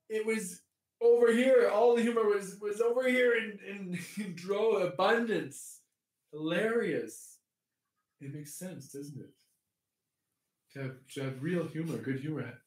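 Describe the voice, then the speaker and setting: A podcast host who grew up in Canada talks in a rambling, casual way, chuckling often and restarting his sentences. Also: high-pitched. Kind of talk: casual faith chat. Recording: roomy echo, mic at a distance.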